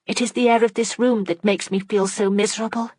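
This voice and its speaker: A woman's voice: steady tone, a little fast, darkish tone, dry recording, natural voice. A woman reading an audiobook, voicing an injured young woman who speaks faintly but insists firmly. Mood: pleading. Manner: low, faint yet insistent. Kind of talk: audiobook character voice.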